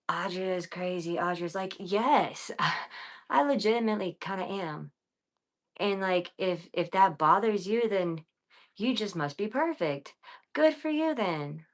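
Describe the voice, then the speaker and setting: A woman ranting bluntly and profanely to her live chat, rambling between quiet mutters and loud bursts. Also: medium pitch. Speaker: livestreamer. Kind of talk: casual livestream rant.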